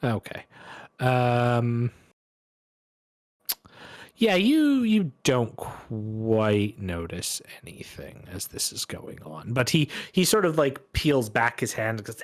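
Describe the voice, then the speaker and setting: A man's voice: medium pitch, very animated, takes it slowly. Casual male game master narrating. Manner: casual, hesitant narration with fillers.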